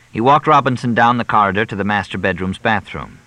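A man narrates a crime novel in a measured, even storytelling voice. His tone sits low but bright and forward, recorded close on a dry studio mic. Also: no room sound, rough recording. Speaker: audiobook narrator.

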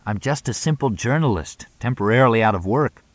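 A man voicing a dry-witted male journalist who quips deadpan. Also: medium pitch, fairly quick, dry recording, pitched above the performer's own voice, natural voice. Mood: wry.

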